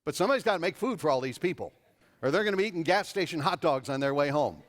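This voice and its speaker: A man's voice: on the high side, expressive, racing, lightly acted. Man grumbling as a fed-up overworked woman. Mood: exasperated. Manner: exasperated muttering. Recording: echoey church hall.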